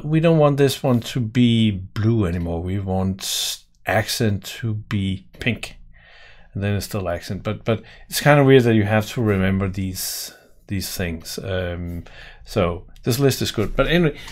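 A man giving a casual screen-share coding tutorial, thinking aloud with lots of fillers and restarts. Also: on the low side. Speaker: software developer teaching coding.

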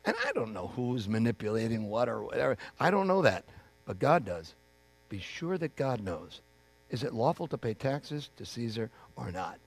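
A man's voice: medium pitch, very animated, normal speed, creaky. A man preaching a sermon as pastor, in a conversational way, acting out the voices of people he quotes.

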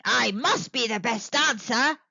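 A woman voicing a huge, hairy, boastful male monster in a children's storybook, singing his threats in a slow, menacing chant. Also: a little high, creaky, bright, forceful tone, breathy edge, no room sound, dull audio, full character voice. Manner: sing-song menacing boasting, drawn out. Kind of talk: children's storybook read-aloud.

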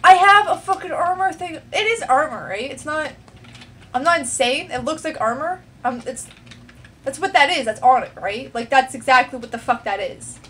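This let's play host is a young woman whose high, expressive voice sounds a bit bright and moves at normal speed. Commentating on her own game, she mutters to herself, curses, and gets annoyed.

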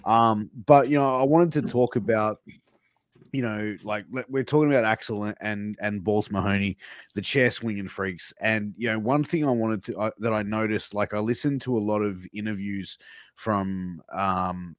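A man's voice: lowish voice, moderate pace, dry recording. A man hosting a casual interview podcast, talking hesitantly with lots of fillers. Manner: hesitant, filler-heavy, eager. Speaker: podcast host.

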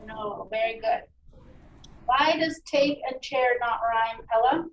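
A woman teacher giving a phonics lesson to children, encouraging and enunciating each sound clearly. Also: a little high, slow, lo-fi sound. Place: meeting room. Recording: echoey room, distant mic, faint noise.

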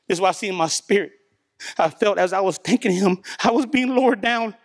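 A man with a high voice, talking a little fast, gives his congregation an emotional testimony at a church service. He describes a personal spiritual experience earnestly and conversationally, with frequent repetition and scattered uses of "man."

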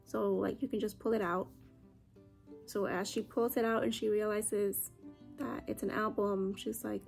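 A woman's voice: medium pitch, level tone, moderate pace, vocal fry, darkish tone, breathy edge, soft background music. A young woman chatting casually to the camera at home, saying "like" a lot. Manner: chatty, says "like" often. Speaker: vlogger. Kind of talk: casual vlog chat. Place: at home after a family visit.

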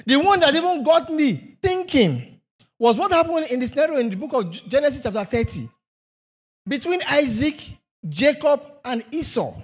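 A man's voice: very high voice, animated, normal speed. A man preaching a sermon, emphatic, asking rhetorical questions and repeating phrases for effect.

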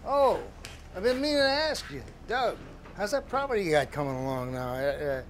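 Smug businessman, slightly high voice with lively pitch, prying. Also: brisk, a little hiss or hum. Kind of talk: film drama acting.

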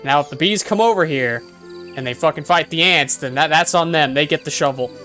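A young woman giving casual gameplay commentary, swearing often and yelling at the game. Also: sits low, brisk, faint music behind. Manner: swears a lot, yells at the game. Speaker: gaming video creator.

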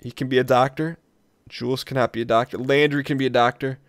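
A man's voice: mid-range voice, steady tone, quick pace, no room sound. Frantic man narrating a colony game. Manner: jumpy, talks to his colonists, spikes loud when tense. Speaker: let's play gamer.

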